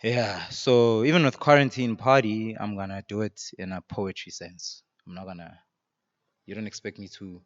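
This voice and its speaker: A man's voice: fairly low pitch, steady tone, normal speed, dull audio. A man with a South African accent, a rapper, chatting casually and performing his verses, mixing slang with Sesotho and laughing often. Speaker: rapper guest. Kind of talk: casual chat and rap performance.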